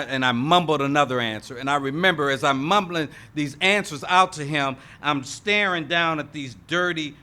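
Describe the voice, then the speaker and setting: A man telling his recovery story at an AA meeting, talking to the room and building to loud emphatic moments. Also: a little high. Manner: lively storyteller addressing the room with "y'all" and "right?"; emphatic, rising to loud punches. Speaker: AA meeting speaker. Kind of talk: recovery testimony to a live audience. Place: meeting hall with live audience.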